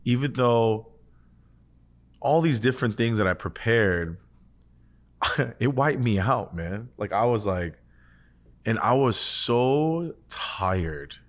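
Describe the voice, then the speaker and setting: A man's voice: mid-range voice, animated, takes it slowly, pauses often. A man co-hosting a casual faith podcast, telling a personal story in an earnest, rambling way, full of "like" and restarts. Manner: earnest, rambling, heavy use of "like". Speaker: podcast co-host.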